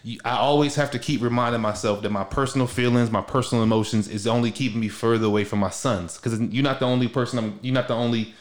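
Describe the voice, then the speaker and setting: A young man talks in a loose, slangy way, circling back and restarting his thoughts. His voice sits at a middle pitch. The room around him is echoey. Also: steady tone, fast talker, few pauses. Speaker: podcast host. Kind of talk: casual heartfelt conversation.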